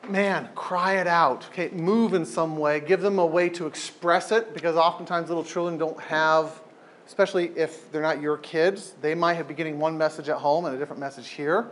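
A man leading an informal group talk, animated and emphatic, often repeating phrases for effect. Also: on the high side, moderate pace, a little hiss or hum.

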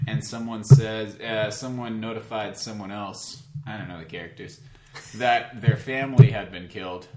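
A man's voice: fairly low pitch, fairly even intonation, normal speed, warm tone. A man co-hosting a casual chat, explaining things at length with asides. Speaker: podcast co-host. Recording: roomy echoey room.

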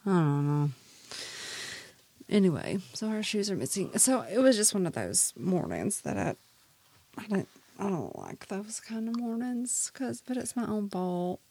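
A woman's voice: medium pitch, sing-song, unhurried, dark tone, no echo. A woman co-hosting a podcast in casual chat, talking in a heartfelt, rambling way with many restarts. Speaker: podcast co-host.

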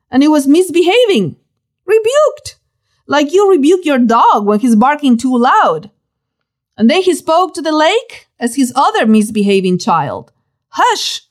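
Teaching a Bible lesson, a woman uses a bright, higher voice and tells the story with drama. Her pitch jumps and falls constantly in sudden swings, keeping the expressive teaching animated.

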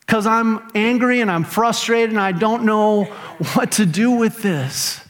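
Animated middle-aged male pastor preaching. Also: high voice, measured pace. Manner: animated preaching, voices his own pleading prayers and grumbles. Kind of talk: sermon.

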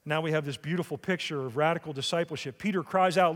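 A man with a high voice delivers a sermon as a pastor, putting questions to his listeners. His voice carries a long reverb, as in a large church hall. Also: fast talker, few pauses, a bit bright. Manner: preaching with rhetorical questions to the congregation.

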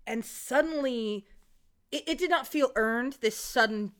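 A woman co-hosting a casual chat show, recapping a TV episode in an animated, playful way with frequent laughs. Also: on the high side, unhurried. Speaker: podcast co-host.

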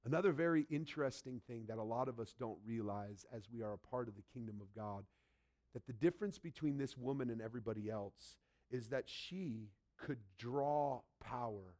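A man preaching a sermon emphatically, swinging between loud and soft and acting out quotes from the story. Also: mid-range voice, moderate pace. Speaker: pastor.

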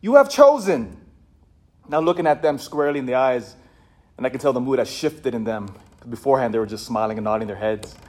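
A male priest giving a passionate homily, swinging between loud, fired-up shouting and hushed, quiet stretches. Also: mid-range voice, fairly even intonation, quick pace. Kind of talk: sermon.

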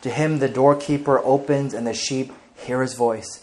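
A man's voice: mid-range voice, steady tone, normal speed, a little mellow. Man preaching an emphatic sermon. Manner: emphatic preaching with scripture reading. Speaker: pastor.

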